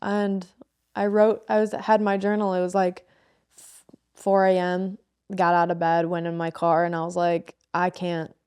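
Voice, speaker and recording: A young woman in her twenties with a fairly low voice, talking on a podcast. She tells a personal story openly and with feeling, and she swears freely in a loose, unscripted way. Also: flat delivery, moderate pace, darkish tone, clean tone. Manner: emotional, frank storytelling with frequent swearing. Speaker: podcast co-host. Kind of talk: candid podcast conversation.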